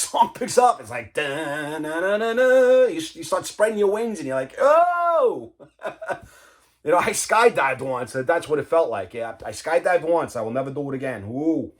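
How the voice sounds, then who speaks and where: A man casually chatting about his record collection, enthusiastic and rambling, humming riffs and often saying "man.". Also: a little high. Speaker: vinyl collector vlogger. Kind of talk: casual chat showing records.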